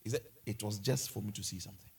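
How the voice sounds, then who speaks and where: A man preaching a sermon, telling personal stories with lively, stammering restarts. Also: on the low side, racing, creaky, breathy edge.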